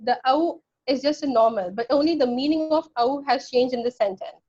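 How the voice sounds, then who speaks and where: A woman's voice: high voice, normal speed, darkish tone, slightly rough. A woman teaching a grammar class online, explaining firmly and repeating key points. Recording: lo-fi online call audio.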